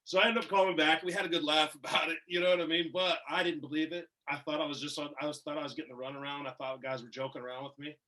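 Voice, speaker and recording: A man telling casual, animated stories in an interview, swearing and laughing as he goes. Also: on the high side, very fast, few pauses. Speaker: wrestler guest. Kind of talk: casual storytelling in a shoot interview.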